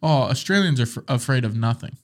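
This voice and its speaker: A man in a loose, joking podcast chat, wandering from one story to the next. His voice sits at an ordinary middle pitch, and he talks in a relaxed, rambling way. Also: fast talker. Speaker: podcast host. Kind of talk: casual chat.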